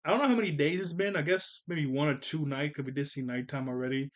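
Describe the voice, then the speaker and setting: Chuckling young man reviewing a cartoon. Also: on the high side. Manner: chuckles often, jumps into quick character voices. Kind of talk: casual episode review.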